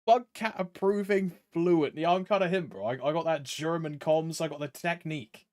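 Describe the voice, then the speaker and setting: A man's voice: a little high, normal speed, a little mellow, no echo, clean studio sound. A man streaming a game, chatting casually, joking around, swearing now and then and humming to himself. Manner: joking, loose, swears freely, hums to himself. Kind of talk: casual gameplay chat.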